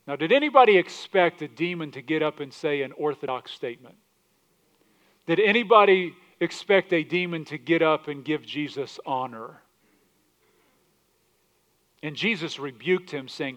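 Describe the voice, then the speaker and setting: A man's voice: on the high side, normal speed, pauses often, dull audio. A male pastor preaching a sermon, reading scripture aloud in old English and putting direct questions to his congregation.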